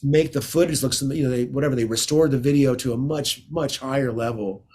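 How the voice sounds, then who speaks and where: Brisk and mid-range, with a darkish tone and a breathy edge, an American guest guitarist rambles happily through stories in a laid-back interview.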